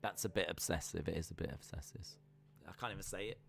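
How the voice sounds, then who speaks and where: A man's voice: sits low, fast, creaky. A man chatting casually on a live reaction stream, repeating himself often as he talks. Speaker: streamer hosting a watch-along.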